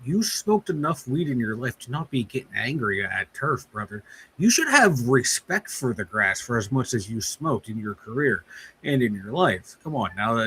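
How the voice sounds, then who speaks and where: A man's voice: fairly bright tone, a little hiss or hum. A man co-hosting a casual sports podcast, ranting heatedly and swearing a lot. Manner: heated, profane ranting with big pitch swings. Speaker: podcast co-host.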